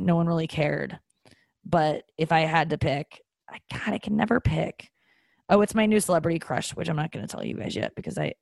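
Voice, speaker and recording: A young adult woman hosts a podcast in a casual solo chat, her voice low, creaky and a little mellow, with no room sound. She rambles candidly, pokes fun at herself, and uses lots of fillers.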